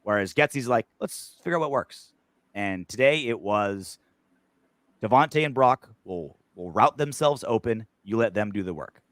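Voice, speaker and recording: A man hosting a casual fan sports podcast over a video call, animated, jumping between loud bursts and low mumbles. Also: a little slow, dry recording. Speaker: podcast host.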